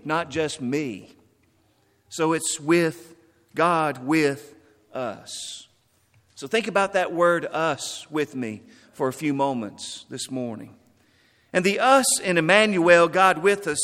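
A man's voice: a little high, fairly bright tone. Man, sermon, emphatic repeated phrases, reverberant hall. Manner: folksy joke-telling, then slow emphatic repetition. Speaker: pastor.

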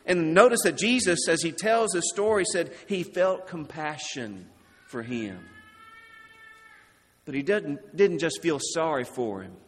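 A man preaching a sermon, slow and deliberate, dropping his voice low and soft on key words. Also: animated, breathy edge, long reverb tail.

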